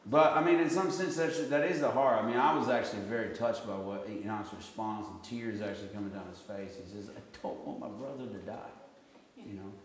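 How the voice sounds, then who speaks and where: A man leading a casual group discussion, telling a story with lively, halting restarts. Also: lowish voice. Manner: animated storytelling, often restarts sentences. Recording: echoey room with long reverb.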